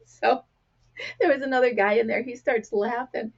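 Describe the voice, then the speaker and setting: Woman, American accent, gravelly and throat-clearing, chatty anecdotal host, slightly dull recording. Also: fairly high pitch, moderate pace. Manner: chatty storyteller, acts out quotes. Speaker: crafting vlog host. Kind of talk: casual chat to camera.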